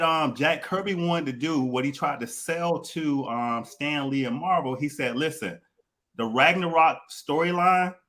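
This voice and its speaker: A man hosting a relaxed comic book chat, talking loosely and circling back on his words. His voice is bright and forward. He keeps an easy, conversational pace. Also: mid-range voice. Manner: loose, repeats himself, animated. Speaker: podcast host.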